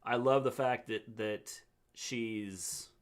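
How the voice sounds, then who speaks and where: An older man co-hosts a casual livestream recap. He talks in a relaxed, halting way and often repeats his words. His voice sits at an ordinary middle pitch. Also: smooth. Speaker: co-host, the host's father.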